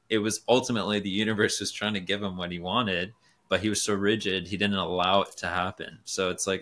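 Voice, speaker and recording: A man's voice: low voice, fairly bright tone. A man in his twenties, a guest on a podcast, talking earnestly and philosophically with many fillers like "you know" and "like". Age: 20s. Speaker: guest, race car driver. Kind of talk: casual podcast conversation.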